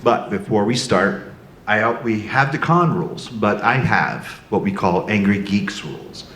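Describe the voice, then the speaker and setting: A man's voice: on the low side, unhurried, a bit bright. A man moderating a live convention panel, nervous and gushing, laughing often. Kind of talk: excited live panel hosting. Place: convention hall stage. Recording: roomy hall with noise.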